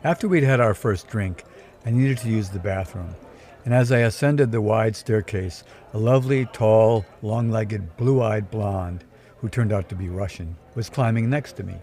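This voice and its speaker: Guy with a low warm voice telling his own story, kinda dry and wry. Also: moderate pace. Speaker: storyteller, podcast host. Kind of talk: scripted first-person storytelling.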